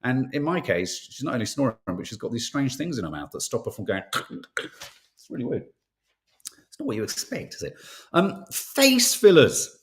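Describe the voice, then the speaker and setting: Male host, casual chat, animated pitch, cheeky and sweary. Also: brisk. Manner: chatty, irreverent, swears casually. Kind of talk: casual chat reading the papers and live comments.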